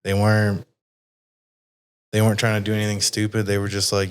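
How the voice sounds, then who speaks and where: A man's voice: fairly low pitch, completely flat delivery, fairly quick, smooth. A man hosting an interview podcast, talking casually and rambling with plenty of swearing. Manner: rambling, frequently swearing, many fillers. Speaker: podcast host. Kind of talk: casual conversational chat.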